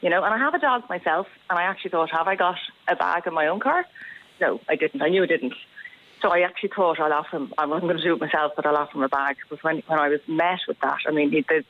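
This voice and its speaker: An Irish woman in her thirties calls a radio phone-in, her voice pitched low. She tells her story with animated energy and frequent laughs, over a slightly muffled line. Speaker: caller.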